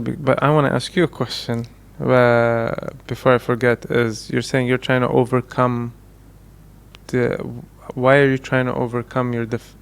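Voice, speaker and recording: A man's voice: medium pitch, clear, resonant tone. A man from the Emirates, a stand-up comedian, chatting as a podcast guest, joking and rambling playfully. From United Arab Emirates. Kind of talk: casual podcast chat.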